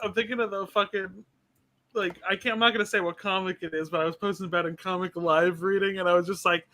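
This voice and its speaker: Very high bright man, lively and dry. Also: quick pace. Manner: playful, laughs loudly. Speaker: podcast co-host. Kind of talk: casual chat.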